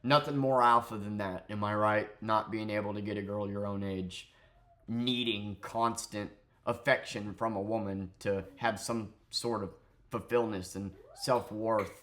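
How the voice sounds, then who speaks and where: A man's voice: on the low side, fairly even intonation, measured pace, a bit bright. A young man ranting on his vlog, profane and sarcastic, swearing heatedly at another streamer. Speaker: streamer and vlogger.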